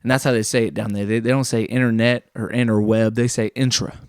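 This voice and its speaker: A young man doing an absurd deadpan comedy monologue, rambling with many fillers and self-corrections. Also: mid-range voice, fast talker, smooth, dry recording, studio quality.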